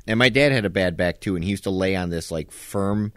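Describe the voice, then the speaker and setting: A man's voice: deep voice, fairly quick, no echo, clean studio sound. A man in his forties, a podcast co-host telling stories in casual chat and quoting his father. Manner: storytelling, quoting his dad in a gruff voice.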